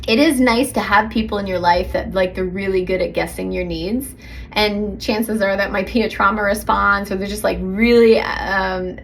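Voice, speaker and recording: A woman coaching listeners on her podcast in a relaxed, chatty way, with a noticeable vocal fry at a medium pitch. She laughs easily and slips into little acted-out dialogues. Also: a little hiss or hum. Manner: conversational, acts out sample dialogues, laughs easily. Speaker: relationship coach and podcast host. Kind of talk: casual podcast coaching talk.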